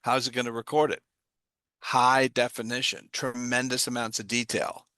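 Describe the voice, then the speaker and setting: A man's voice: medium pitch, level tone, normal speed, sharp tone, dry recording. A man giving an explanatory talk, asking himself rhetorical questions and answering them. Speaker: guest speaker on trauma. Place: online livestream.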